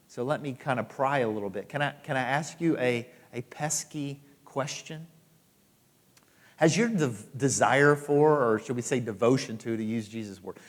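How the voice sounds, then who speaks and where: A man preaching a sermon as pastor, emphatic, repeating phrases and dropping into soft asides. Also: mid-range voice, in a large hall. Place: church auditorium.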